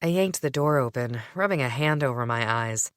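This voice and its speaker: Low, lively woman narrating an audiobook. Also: moderate pace, no room sound, studio quality. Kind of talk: first-person audiobook narration.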